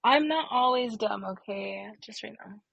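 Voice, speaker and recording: Drowsy woman with a husky voice. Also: fairly high pitch, measured pace, a bit bright, no room sound, muffled recording. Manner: drowsy, terse replies. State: sleepy, just woke up. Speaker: podcast guest. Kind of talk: casual chat.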